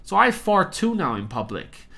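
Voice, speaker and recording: A man's voice: high voice, sing-song, normal speed, gravelly, pushed and bright. Casual, crude young man commentating. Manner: joking, crude, conversational. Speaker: commentary YouTuber.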